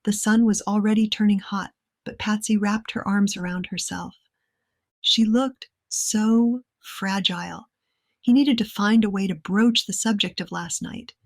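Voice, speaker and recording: A woman narrates her own novel in a calm, measured reading voice of medium pitch. The recording is dry and close, with no room sound at all. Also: no room sound. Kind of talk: scripted audiobook narration.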